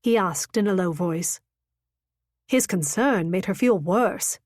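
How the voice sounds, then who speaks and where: A woman narrating a romance audiobook in an expressive, dramatic reading style. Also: medium pitch, takes it slowly, dry recording, studio quality. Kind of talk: scripted narration.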